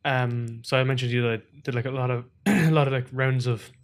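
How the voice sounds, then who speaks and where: A man's voice: medium pitch, fairly even intonation, a little fast. A man hosting an interview and asking questions in a loose, casual way, filling his talk with "like" and "whatever". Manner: casual, leans on fillers like "like" and "whatever". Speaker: podcast host.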